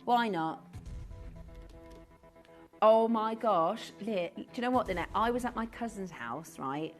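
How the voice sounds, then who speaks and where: A woman's voice: mid-range voice, expressive, measured pace, faint music behind. A woman presenting on a live shopping channel in a chatty way, full of rhetorical questions. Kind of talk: live TV selling chat. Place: TV studio.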